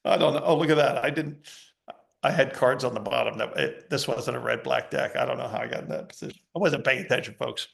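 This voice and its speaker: A man's voice: medium pitch, fairly quick, gravelly. A middle-aged man, a magician, casually teaching a card trick, chatty and explaining step by step as he demonstrates and acts out his patter.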